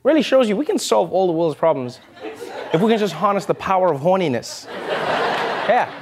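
High-voiced man hosting a comedy show. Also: big pitch swings, brisk, crowd noise, background noise. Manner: joking, laughing between punchlines. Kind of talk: scripted comedic commentary.

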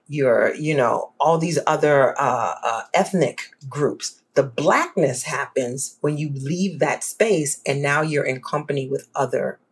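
Creaky-voiced New Orleans woman, emphatic. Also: very deep voice. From New Orleans, US South. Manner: emphatic and animated, leans on "right?". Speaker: guest academic. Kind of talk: casual panel discussion.

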